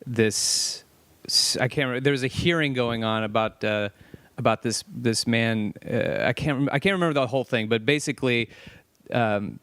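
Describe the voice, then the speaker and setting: A man's voice: mid-range voice, normal speed, clean tone, no echo. A man co-hosting a casual podcast chat, swearing freely and acting out quotes as he tells stories. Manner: profane, animated storytelling with quoted voices. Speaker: podcast co-host.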